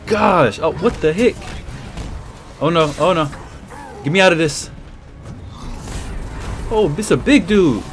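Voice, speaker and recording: Excitable man narrating his gameplay. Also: on the high side. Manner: excitable, reactive, exclaiming. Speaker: gaming channel host. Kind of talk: live gameplay commentary.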